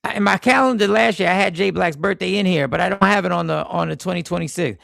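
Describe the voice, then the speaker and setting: A man's voice: sits high, fast, vocal fry, dry recording, clean studio sound. A man hosting a podcast, telling a work story in casual, profane chat and acting out the people he quotes. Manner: profane, animated storyteller, acts out quoted voices. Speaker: podcast host.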